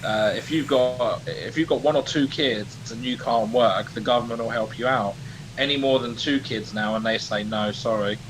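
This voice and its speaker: Teasing co-host, mid-pitched man. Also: moderate pace, noisy background. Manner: joking, teasing banter. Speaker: podcast co-host. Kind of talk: casual podcast chat.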